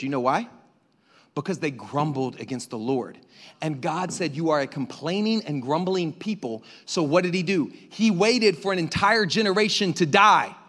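A male pastor preaching a sermon in an energetic, conversational way, calling out to the congregation. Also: high voice. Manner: energetic, conversational preaching with crowd call-outs. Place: church auditorium. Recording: preached in a reverberant hall.

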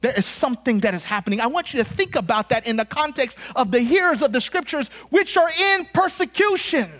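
A man with an American accent preaching a sermon, animated and conversational, with joking asides and acted-out quotes. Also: very high-pitched, quick pace.

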